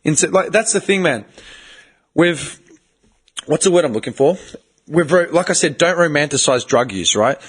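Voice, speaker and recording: A young man hosting a podcast, talking in a casual, animated, swearing way and mimicking other people in quoted voices. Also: on the high side, moderate pace, pauses often, husky. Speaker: podcast host.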